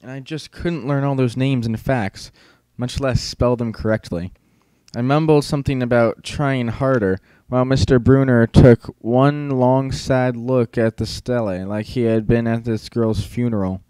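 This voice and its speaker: A man's voice: mid-range voice, steady tone, unhurried, dark tone, smooth, dry recording. Brief: male audiobook narrator, wry first-person teller, dry close sound.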